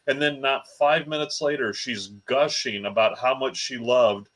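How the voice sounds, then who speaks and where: Male co-host, mid-pitched, anecdotal storyteller with animated punchlines. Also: normal speed, poor audio. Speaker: podcast co-host. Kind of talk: casual chat.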